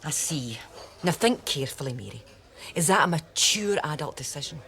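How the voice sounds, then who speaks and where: A scheming wife, gleeful and coaxing. Her voice sits low but swings widely between flat asides and high bursts. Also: normal speed. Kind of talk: TV sitcom acting.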